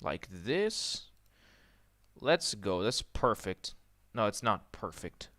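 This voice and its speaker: A man's voice: fairly low pitch, sing-song, slow pace, a bit bright, no echo, studio quality. A young man from the Netherlands commentating casually on his own game livestream, rambling, trailing off and restarting his sentences. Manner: rambling, trails off and restarts while fiddling with settings. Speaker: gaming streamer.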